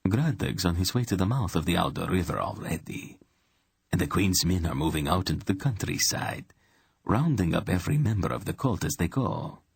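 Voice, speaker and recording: A man playing a thin, calm spymaster who reports in a polite, even way. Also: deep voice, moderate pace, creaky, husky, no room sound, clean studio sound, heavily acted.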